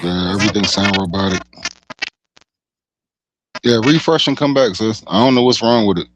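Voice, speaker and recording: A man's voice: lowish voice, moderate pace. Hype podcast host man, noisy line. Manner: short hype interjections. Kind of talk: casual podcast interview.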